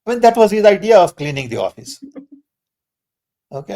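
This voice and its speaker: An older man, speaking as a guest in a conversational Q&A. He talks emphatically and insistently, stressing points with sudden jumps in pitch. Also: sing-song, moderate pace, gravelly, long pauses, warm tone.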